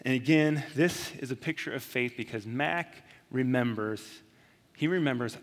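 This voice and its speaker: A man in his thirties, a pastor giving a reflective, earnest sermon with slow, emphatic pauses. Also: medium pitch. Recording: long reverb of a large hall.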